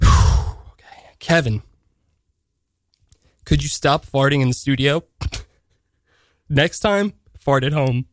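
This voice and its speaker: A man's voice: medium pitch, slow, no room sound. A man co-hosting a comedic radio show, speaking with mock earnestness and playful timing. His voice sits mid-range and is recorded close and dry in the studio.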